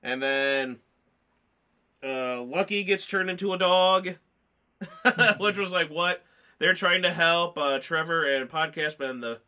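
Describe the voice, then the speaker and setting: A man talks loosely and emotionally, piling on fillers as he goes. His voice is bright and sharp at an ordinary pitch, and he sounds choked up and close to tears. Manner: rambling, emotional, lots of fillers. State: tearful, choked up. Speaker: movie reviewer. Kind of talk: casual chat.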